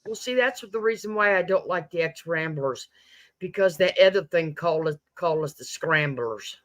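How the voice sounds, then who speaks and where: A woman's voice: fairly low pitch, lively intonation, normal speed. A woman chatting as a guest on a livestream, opening her points with "well". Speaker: stream guest. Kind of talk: casual chat.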